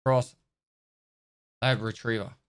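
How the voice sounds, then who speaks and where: A man talking loosely to his stream audience at a middle pitch. He rambles, restarts words and laughs at himself. The sound is close and dry, with no room around it. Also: steady tone, takes it slowly, clear, resonant tone, dry recording. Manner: rambling, stumbling over words, laughing and swearing. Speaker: livestreamer. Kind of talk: casual chat with chat.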